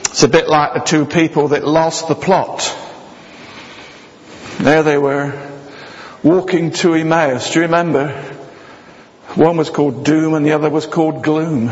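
A man preaching a sermon with jokey asides, swinging between loud, high passages and low, quiet ones. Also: a little slow, pauses often, a little hiss or hum. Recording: dull sound with long hall reverb.

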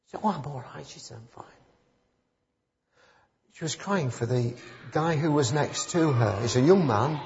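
Wandering from anecdote to anecdote in a chatty sermon, a preacher rises to fervent emphasis as he presses his point. He speaks at a normal speed but pauses often, his highish voice animated and darkish. The sound is dull and muffled, with slight background noise and a church hall's long reverb.

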